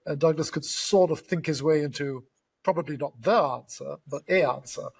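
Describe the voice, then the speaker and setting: A man with a slightly raised, husky voice leads a relaxed conversation as the interviewer. He tells his stories with animated enthusiasm. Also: a little high, normal speed. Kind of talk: reflective conversation.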